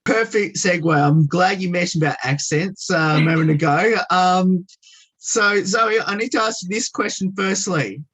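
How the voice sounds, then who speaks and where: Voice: mid-range voice, normal speed, a bit bright, husky. A radio interviewer, putting upbeat questions to guests over a video call.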